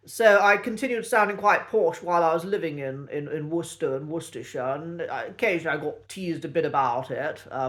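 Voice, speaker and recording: Host, male, posh English RP, light high voice, measured delivery with ums. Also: fairly bright tone. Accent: posh English Received Pronunciation. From England. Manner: measured and precise, with frequent ums. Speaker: accent teacher and channel host. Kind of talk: reflective solo talk to camera.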